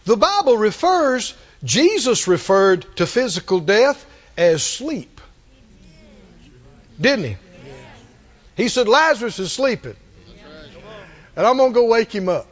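A man preaching a sermon, drawing out his words and building to emphatic shouted refrains. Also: sits high, big pitch swings, slow pace, long pauses, muffled recording.

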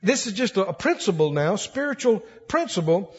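A man's voice: high-pitched, very animated, normal speed, slightly rough, lo-fi sound. A man preaching a sermon to a congregation, fervent and repetitive, building emphasis, recorded in a hall.

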